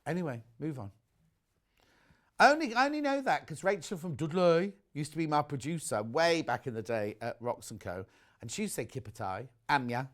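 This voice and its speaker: A man's voice: fairly high pitch, very animated, normal speed, a bit bright. Chatty man selling on TV. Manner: chatty, gushing over products, reads viewer messages aloud. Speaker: shopping channel presenter. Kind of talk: live TV sales chat. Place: TV studio.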